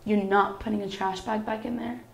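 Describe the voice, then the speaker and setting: Woman acting out a passive-aggressive girl roommate, shrill, exasperated, echoey room. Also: steady tone, fairly quick, natural voice. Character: young female roommate, passive-aggressive, suddenly exploding. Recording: roomy echo.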